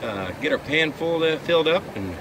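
A man's voice: fairly high pitch, lively intonation, normal speed. A man talking casually while hiking and prospecting along a mountain creek, rambling and laid-back, a bit winded, recorded on a handheld camera outdoors. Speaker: prospecting vlogger. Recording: outdoor wind and creek noise. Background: flowing creek.

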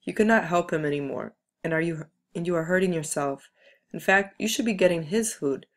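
A hardened middle-aged doctor gives cold advice in a flat, blunt lecture, as a woman reads him. Her voice sits low for a woman's and is barely changed from her own. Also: a little fast, lightly acted.

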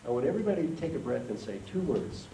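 A man gives a motivational keynote and leads the crowd in call and response. His pitch swings widely. He sounds distant in an echoey hall, over faint background noise. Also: sing-song, fast talker, dark tone. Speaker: keynote speaker. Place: conference hall with an audience.

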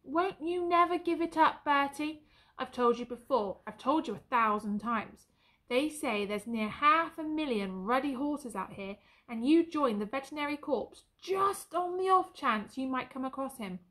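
A woman voicing a blunt young male soldier who teases his friend loudly. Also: high-pitched, animated, normal speed. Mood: teasing.

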